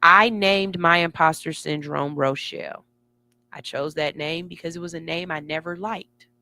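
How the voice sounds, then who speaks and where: Woman morning-radio host, motivational, sassy, bright edge to the voice. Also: lowish voice, moderate pace, dry recording. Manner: emphatic, sassy, building excitement. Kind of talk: motivational talk.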